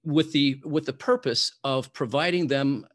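A man interviewing a guest, framing long questions haltingly with many pauses and fillers. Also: medium pitch.

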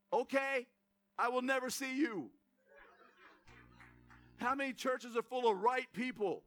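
Male pastor, very high and bright voice, fired-up sermon delivery, calls out to the congregation. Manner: fired-up, addresses congregation directly, emphatic repetition. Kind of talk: energetic sermon. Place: church sanctuary.

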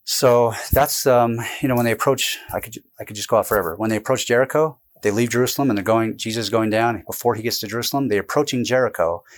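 A man being interviewed about his book, explaining at length in a casual, animated way, jumping between points and restarting sentences. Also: medium pitch. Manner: animated, digressive, quick bursts with restarts. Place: indoors with a camera close by.

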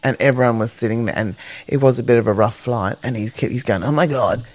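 A woman co-hosting a podcast, telling stories in a casual, animated way and swearing freely. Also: very deep voice, fast talker. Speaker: podcast co-host. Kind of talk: casual chat, storytelling.

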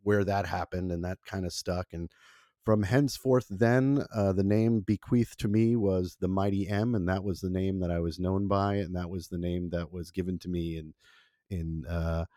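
Deep-voiced man telling old radio stories. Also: steady tone, moderate pace, mellow, no echo, clean studio sound. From Italy. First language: Italian. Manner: rambling, self-deprecating storyteller with many fillers. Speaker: former college radio producer. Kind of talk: relaxed interview conversation.

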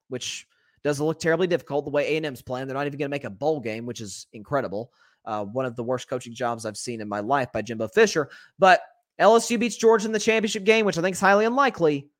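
Male sports podcast host, slightly high voice, dry close sound, candid opinionated solo talk with quick self-corrections. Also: dry recording. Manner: opinionated and candid, talks straight to listeners as folks.

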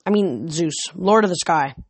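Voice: mid-range voice, normal speed, no echo, close to an everyday voice. A reader voicing a resolute teenage boy hero. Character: determined teen boy hero.

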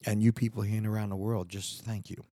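Rambling earnest man, husky low voice. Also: flat delivery, fast talker, mellow, no room sound, studio quality. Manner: rambling, earnest, restarts often. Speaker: podcast host. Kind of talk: casual solo podcast monologue. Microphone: studio microphone.

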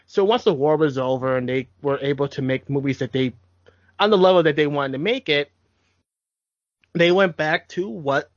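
A man's voice: on the high side, normal speed, no room sound, muffled recording. A young adult man co-hosting a podcast, rambling a little with restarts as he talks film history. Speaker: podcast co-host. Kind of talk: casual chat.

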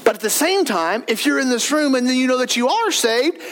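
A man pastor preaching a sermon in a church, earnest and emphatic, rising in bursts of excitement. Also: extremely high pitch, a little fast. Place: church sanctuary.

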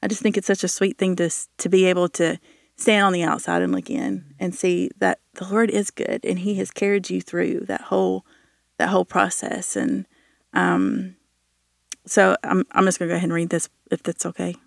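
Woman, gravelly low fry, dry close sound, earnest, halting, Bible study chat. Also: flat delivery, no room sound. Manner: earnest, hesitant with many fillers. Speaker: podcast guest.

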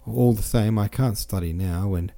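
A man's voice: lowish voice, normal speed, vocal fry, mellow, dry recording. A man doing an insistent teenage boy. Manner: insistent, pleading. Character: teenage boy, eager, voice breaking.

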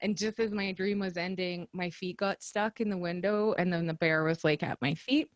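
A woman's voice: on the low side, fairly even intonation, normal speed, no echo. A woman co-hosting a podcast, telling a story in casual chat and laughing often. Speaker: podcast co-host.

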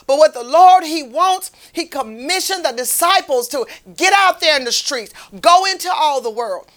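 Woman lay minister, bright ringing tone, urgent sermon cadence. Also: high voice, animated, moderate pace, few pauses. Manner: fervent, repetitive exhortation. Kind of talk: street-preaching sermon.

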